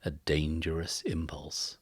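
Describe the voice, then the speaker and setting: A man voicing a mysterious, menacing stranger who talks in a slow, measured, quietly incredulous way. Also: very deep voice, flat delivery, no echo, heavily acted. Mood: quiet menace. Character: mysterious, menacing man, soft-spoken and calmly threatening.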